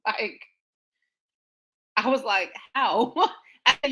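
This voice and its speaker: A woman hosting a show, telling a personal story in a casual, animated way with frequent laughter. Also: high-pitched, unhurried, pauses often, rough recording. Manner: animated, laughing often, quotes others in dialogue. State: emotional, near tears. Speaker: podcast host.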